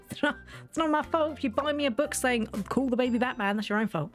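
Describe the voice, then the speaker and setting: A woman's voice: sits high, a little fast, soft background music. A woman streaming a game, chatting and telling stories with frequent laughter. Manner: chatty, laughs often mid-story. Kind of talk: casual storytelling while gaming.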